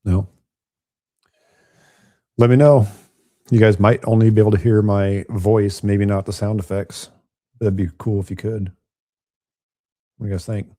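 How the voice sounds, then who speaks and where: A man with a chest cold commentating a pool match from home, raspy and hoarse, chatting and joking straight to his viewers. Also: fairly low pitch, level tone, measured pace, pauses often, mellow. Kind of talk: casual live commentary. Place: at home, quiet room.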